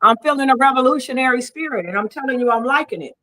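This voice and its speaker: A woman's voice: high-pitched, fast, bright, forceful tone, poor audio. A woman in a heated debate, arguing in a combative, preachy way and leaning on scripture. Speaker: debate guest.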